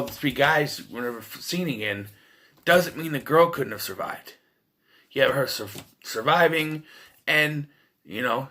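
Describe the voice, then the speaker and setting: A man's voice: mid-range voice, bright, forceful tone. A man giving a casual, rambling film review, exasperated and swearing freely. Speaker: movie reviewer.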